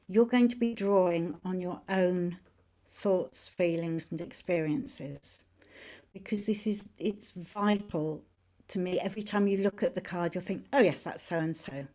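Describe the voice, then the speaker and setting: A woman's voice: mid-range voice, mellow. A woman teaching tarot in a friendly, chatty way, explaining each card as she shows it. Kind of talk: informal teaching on camera.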